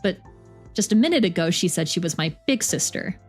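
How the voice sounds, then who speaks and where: A woman's voice: fairly low pitch, lively intonation, brisk, a little mellow, faint music behind. A woman voicing a newly awakened space probe that talks hesitantly and awkwardly.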